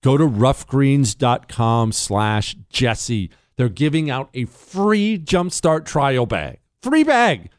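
Sarcastic man in a lively opinion monologue. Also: medium pitch, takes it slowly, hardly any pauses, clear, resonant tone, no room sound, clean studio sound. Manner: sarcastic, mocking asides to a producer. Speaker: political commentary host.

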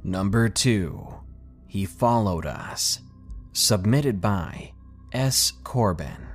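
A man reading first-person scary stories in a steady, scripted narration with dramatic pauses. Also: on the low side, soft background music. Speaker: storyteller reading submitted stories.

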